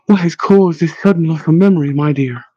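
A man voicing a devout nun who speaks gently and solemnly. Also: sits low, fairly quick, husky, no echo. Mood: tender. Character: tender, devout older nun. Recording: slightly dull, dry recording.

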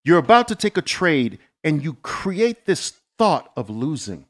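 A man's voice: fairly high pitch, big pitch swings, a little slow, few pauses, fairly bright tone. A middle-aged man hosting a live trading Q&A, coaching viewers in an emphatic, motivational way, with dramatic storytelling.

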